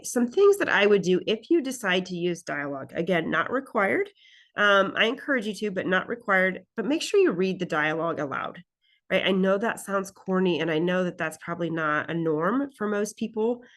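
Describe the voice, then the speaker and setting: A woman teaching a college English class, talking in a relaxed, conversational way and often checking in with "right?" and "okay?". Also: on the low side. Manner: reads example lines aloud expressively. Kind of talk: recorded class lecture recap.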